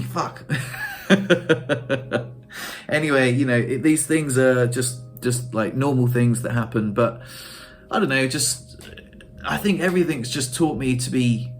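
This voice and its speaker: A man vlogging to camera in a casual, rambling way, emotional and swearing freely. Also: medium pitch.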